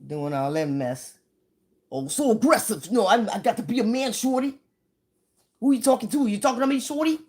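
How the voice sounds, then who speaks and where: A woman voicing an aggressive young man from up north, talking fast and loud in a confrontational way. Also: a little high, animated, pitched above the performer's own voice, natural voice. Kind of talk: stand-up storytelling.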